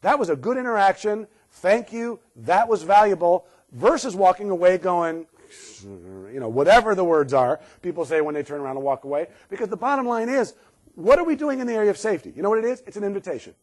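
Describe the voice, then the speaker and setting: A middle-aged man giving a live safety talk to a room, sarcastic and lively, laughing often. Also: high voice, fairly quick. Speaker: safety speaker.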